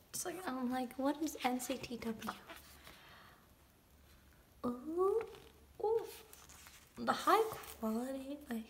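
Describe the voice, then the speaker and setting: A young woman unboxing an album in a casual vlog, gushing with delight and swinging between excited squeals and hushed whispers. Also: high voice, slight background noise.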